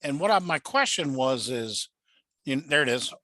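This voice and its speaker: A man from the audience asks his question in a plain, conversational way. His voice is bright and forward, at a middle pitch. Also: lively intonation, moderate pace. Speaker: audience member asking a question. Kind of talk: casual question.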